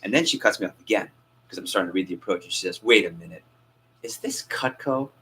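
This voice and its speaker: Energetic male sales trainer, low voice. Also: racing, noisy background. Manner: energetic, asks the group questions and acts out phone calls. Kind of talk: coaching a training class.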